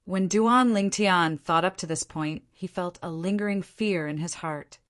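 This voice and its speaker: A woman narrating an audiobook in scripted fashion. Her reading is even and steady, with a fairly low pitch. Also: unhurried.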